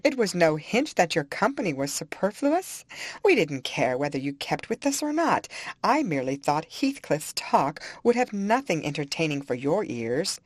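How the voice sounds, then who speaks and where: A woman narrator puts on a proud young mistress of the house, scornful and emphatic. Her voice stays low-set but rises and falls a great deal, and the recording is close and dry. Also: sing-song, normal speed, dry recording. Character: proud, sharp-tongued young lady of the house.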